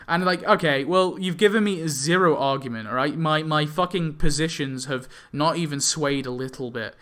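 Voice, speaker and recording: A young man ranting to his viewers in a casual vlog. His voice sits a little high and sounds bright and tense. He talks in an exasperated way, swears freely and stumbles through ums and restarts. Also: normal speed, few pauses. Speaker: YouTuber.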